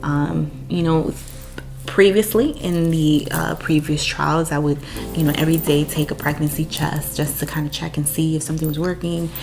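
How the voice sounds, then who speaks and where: Woman, deep voice, candid personal testimony, soft guitar behind. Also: steady tone, moderate pace, vocal fry. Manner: earnest and candid, frequent "you know". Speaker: mother sharing her infertility story. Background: soft guitar music.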